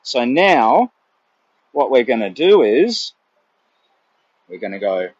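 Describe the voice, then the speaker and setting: A man's voice: mid-range voice, sing-song, takes it slowly, a little mellow, breathy edge. An older Australian man talks to his phone camera outdoors, rambling and emotional, often restarting his sentences. The sound is dull and lo-fi, and dry with no room echo. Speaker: charity walker vlogger. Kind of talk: casual live-stream chat. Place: outdoors in a city.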